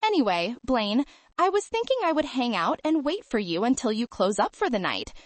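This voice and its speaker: A woman's voice: fairly high pitch, sing-song, moderate pace, no room sound. A woman doing a brash Southern belle. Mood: syrupy.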